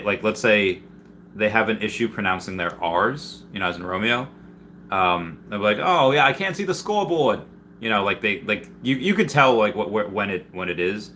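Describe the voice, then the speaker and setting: Answering his chat during a laid-back live stream, a man from Peru reads comments out loud and responds at length, frequently starting his sentences over. He speaks at a moderate pace in a fairly low, bright, forceful voice, with slight hiss or hum underneath.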